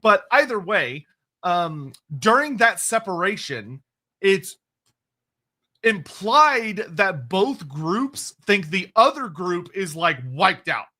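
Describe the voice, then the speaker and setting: A man with a high, bright voice chats casually on a livestream, taking questions from the chat. He talks fast and often stops to correct himself, laughing between answers. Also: very animated. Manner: quick, digressive, laughing, self-correcting.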